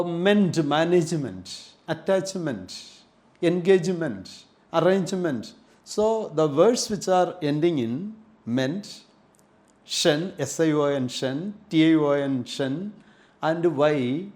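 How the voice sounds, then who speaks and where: Emphatic Indian English teacher, higher voice. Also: male voice, darkish tone. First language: Malayalam. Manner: repetitive, emphatic, spells words out letter by letter. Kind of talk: classroom lecture.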